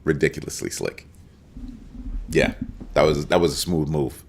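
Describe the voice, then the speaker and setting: A man with a very low, deep voice hosts a live crypto stream. He talks in an emphatic, animated way and calls out to viewers in the chat as he goes. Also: a little slow, creaky, slight background noise. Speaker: crypto show host.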